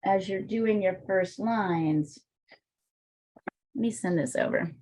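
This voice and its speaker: A woman's voice: mid-range voice, takes it slowly, a little mellow. Woman with a strained, feeble voice teaching art. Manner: chatty, thinks aloud while drawing, many fillers. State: weak, strained voice. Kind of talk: live online art class instruction.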